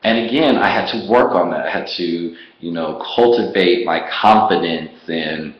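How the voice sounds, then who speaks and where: Deep-voiced guy vlogging his own story, lively, acts out what he said back then, echoey room. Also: normal speed, highs cut off. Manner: animated, laughs often, acts out his own past words. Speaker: online business vlogger. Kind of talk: personal storytelling to camera. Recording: roomy echo.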